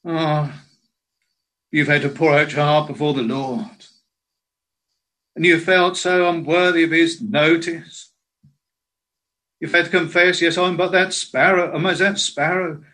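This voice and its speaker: A man preaching a sermon in a slow, earnest way, quoting scripture in old biblical language. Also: on the high side, pushed and bright, low-quality recording.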